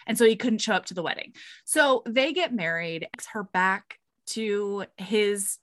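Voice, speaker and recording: A woman's voice: a little high, moderate pace, no echo. A woman co-hosting a casual, jokey book recap, acting out scenes as she goes. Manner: animated, jokey, acts out scenes.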